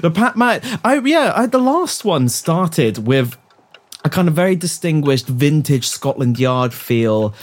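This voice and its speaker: A man's voice: on the high side, big pitch swings, a little slow. Teasing male podcast co-host. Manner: teasing, goads his partner. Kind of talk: casual comedic banter.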